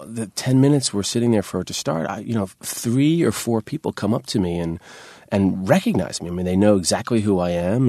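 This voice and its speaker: A man, an actor, telling a funny personal anecdote in a casual, animated way with many restarts and fillers. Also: on the low side, no room sound, clean studio sound. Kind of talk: casual storytelling interview.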